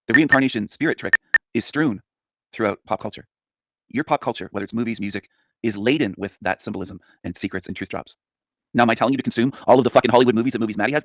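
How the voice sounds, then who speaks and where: A man's voice: on the low side, gravelly, no room sound. A man ranting contemptuously at his audience in a scolding, repetitive monologue as a channel host.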